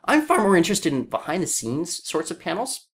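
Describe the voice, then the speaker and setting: A man's voice: high-pitched, wildly swooping pitch, brisk, gravelly. A man co-hosting a casual discussion, opinionated and talking with frequent fillers. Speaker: podcast co-host.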